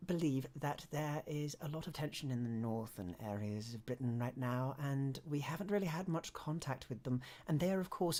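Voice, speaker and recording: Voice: mid-range voice, close to an everyday voice. A game master voicing a poised, controlling noblewoman patron, polite and formal, in a tabletop role-play. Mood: earnest. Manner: courteous, measured, formal. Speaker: game master voicing a non-player character.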